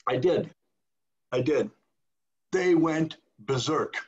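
A man's voice: mid-range voice, slow, long pauses. An older man, a retired priest, telling a story in a video call, acting out the voices of the people he quotes. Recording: dull lo-fi video call audio.

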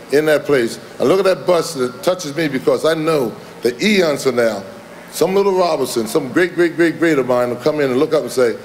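A man's voice: on the high side, a little hiss or hum. A man in his seventies giving a Hall of Fame induction speech in a folksy, rambling manner, chuckling at his own jokes. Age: 70s. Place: large hall with audience.

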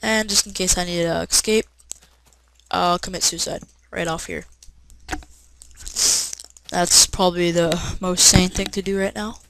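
Woman gamer, casual let's-play commentary, rambling, jumps to loud shouts, slightly low voice. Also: unhurried, long pauses, slight background noise, low-quality recording. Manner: rambling and excitable, with many "uh" fillers and bursts of shouting. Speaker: gameplay commentator.

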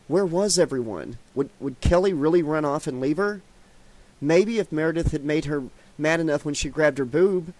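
A man's voice: mid-range voice, no room sound. A man narrating an audiobook, reading with small stumbles and restarts.

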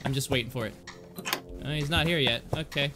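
A young man commenting on a horror game he is playing, excitable, yelling, laughing and talking back to the characters. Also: medium pitch, brisk, noisy background. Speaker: gaming YouTuber.

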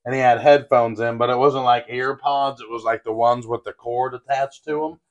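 A man's voice: mid-range voice, fairly even intonation, moderate pace, muffled recording. A man hosting a podcast, telling crude road-trip stories in casual, profane chat, stumbling over restarts. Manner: profane, rambling storyteller with stammered restarts. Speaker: podcast host.

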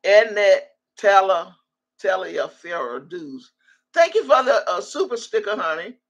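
Gravelly, husky older woman chatting loosely. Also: mid-range voice, big pitch swings, normal speed, highs cut off. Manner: loose and salty, laughs often, reads comments aloud. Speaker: livestream host reading viewer comments. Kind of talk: casual livestream chat.

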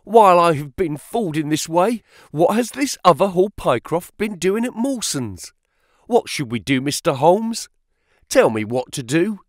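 Agitated young male clerk voiced by a male reader, animated, dry close mic. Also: fairly high pitch, measured pace, no echo. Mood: alarmed. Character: alarmed young male clerk, pleading for help. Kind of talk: audiobook character reading.

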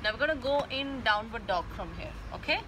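Woman yoga teacher, high voice, gentle step-by-step cues; noisy recording with traffic. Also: lively intonation. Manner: slow, gentle step-by-step instructions. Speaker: yoga instructor. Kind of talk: guided mother-and-child yoga class.

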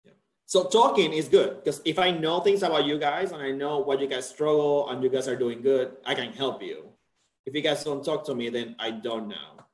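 Guy teaching chem, tired and chatty, jokes around, asks the class stuff, room echoes a lot. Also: on the high side. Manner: chatty, joking, checks in with students. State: tired, end-of-semester burnout. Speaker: chemistry instructor. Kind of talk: casual classroom lecture.

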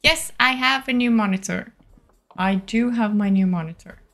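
A woman's voice: mid-range voice, normal speed, a bit bright. A woman live-streaming a video game, thinking aloud and answering her chat.

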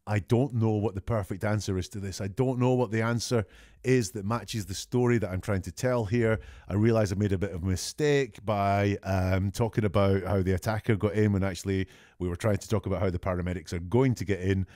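A man giving a measured, deliberate analysis of an emergency call, slowing down to stress key words. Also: on the low side, steady tone, darkish tone, no echo, clean studio sound. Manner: measured, deliberate, often slows for emphasis. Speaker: statement analysis commentator. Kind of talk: analytical commentary on a recorded call.

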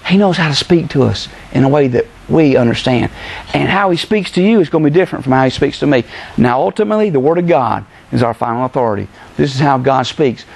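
A middle-aged man preaching a sermon as pastor, animated, acting out the voices he quotes. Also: mid-range voice, vocal fry.

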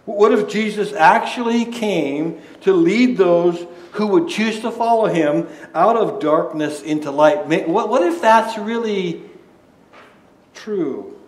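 A pastor preaches a sermon in a high-sitting voice, taking it slowly in an echoey room. He's conversational, asks rhetorical questions, and often restarts his words.

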